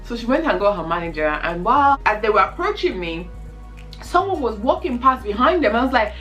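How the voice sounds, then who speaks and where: A Nigerian woman vlogger telling a story in a lively way while eating for a mukbang, often breaking into laughter. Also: on the high side, a little fast, faint music behind, low-quality recording.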